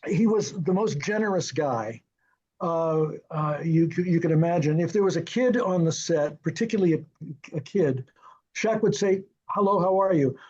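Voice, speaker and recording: High-voiced older man telling anecdotes. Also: normal speed, breathy edge, dull audio. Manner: lively, acts out quoted dialogue, chuckles often. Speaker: film and television director, interview guest. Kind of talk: anecdotal storytelling in an interview.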